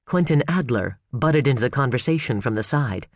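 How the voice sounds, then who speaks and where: A man narrating a suspense novel in a measured, expressive read. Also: mid-range voice, dry recording, clean studio sound. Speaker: audiobook narrator. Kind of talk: scripted narration.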